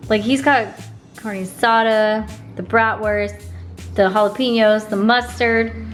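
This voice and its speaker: A woman's voice: on the high side, fairly even intonation, a little slow, faint music behind. A woman chatting to her viewers in an upbeat, casual way as she cooks at home. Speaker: vlogger. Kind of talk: casual cooking vlog. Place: home kitchen and backyard grill.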